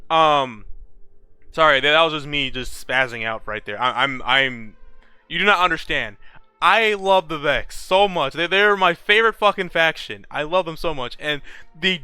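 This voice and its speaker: A man's voice: a little high, lively intonation, normal speed, pushed and bright, smooth, no echo. Profane, heated young man ranting. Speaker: gaming video creator. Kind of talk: casual ranting vlog.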